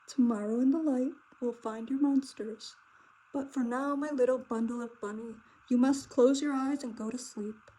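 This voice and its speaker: A woman voicing a gentle father rabbit who speaks low, soft and soothing in a storybook reading. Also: steady tone, moderate pace, rough recording.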